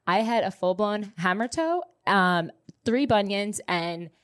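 A woman's voice: mid-range voice, a little slow. A woman with a New Jersey accent, hosting a podcast in casual chat, laughing easily and swearing freely. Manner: giggly, profane, excitable. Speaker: podcast host.

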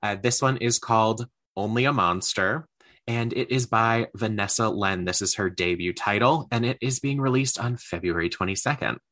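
A man's voice: fairly low pitch, moderate pace, fairly bright tone. A man co-hosting a book podcast, summarizing a novel with casual enthusiasm. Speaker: podcast co-host. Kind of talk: casual chat about books.

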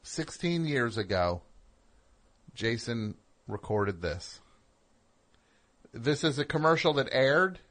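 A man's voice: medium pitch, big pitch swings, slow pace, pauses often, a bit bright. Sarcastic man hosting a call-in show. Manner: sarcastic, riffing, stammering restarts. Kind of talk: casual chat.

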